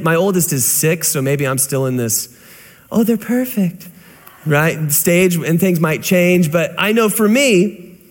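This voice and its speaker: Young male pastor with a high, animated voice. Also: long reverb tail. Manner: animated storyteller, acts out voices and sounds. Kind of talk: sermon.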